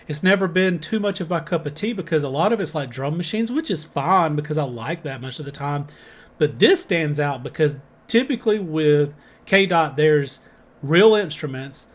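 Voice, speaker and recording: A man with a Southern US accent hosting a music reaction video, talking in a rambling, excitable way with many fillers. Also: on the high side. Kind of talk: casual reaction commentary.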